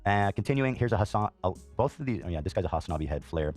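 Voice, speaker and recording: Fast, deep-voiced heated male host. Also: lively intonation, darkish tone, faint music behind. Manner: heated, swears, frequent fillers and coughs. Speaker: podcast host. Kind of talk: reaction commentary.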